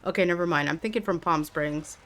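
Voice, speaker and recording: A woman's voice: fairly low pitch, a little fast, fairly bright tone. A woman streamer giving live gameplay commentary, muttering reactions and swearing casually.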